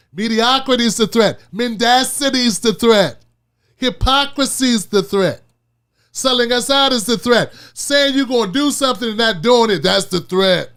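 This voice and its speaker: A man hosting a political commentary show, talking in an animated, casual and repetitive way. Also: sits high. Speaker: host.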